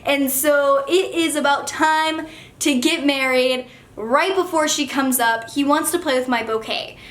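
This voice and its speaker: A young woman, a mother, telling a casual storytime with an animated, profane, chatty manner. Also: high-pitched, unhurried, echoey room. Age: young adult.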